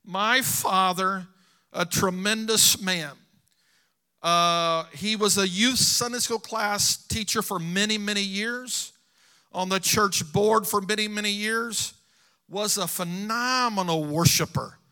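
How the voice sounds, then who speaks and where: A man's voice: sits high, takes it slowly, pushed and bright, clear, resonant tone. A middle-aged man preaching a sermon, telling personal stories earnestly to his congregation. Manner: storytelling, earnest, addresses congregation.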